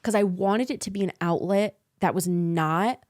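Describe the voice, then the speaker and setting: A young woman, an author guest, chatting casually on a podcast and telling stories with lively quoted voices and frequent laughs. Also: mid-range voice, normal speed, no echo, studio quality. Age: young adult. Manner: animated storytelling, acts out quoted voices, laughs often. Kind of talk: casual chat. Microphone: studio podcast mic.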